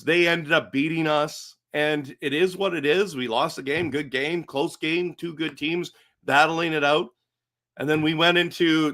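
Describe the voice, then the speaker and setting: A middle-aged man talking casually on his own live stream about hockey, animated and rambling, full of restarts and rhetorical questions. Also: a little high. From Canada. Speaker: hockey fan commentator.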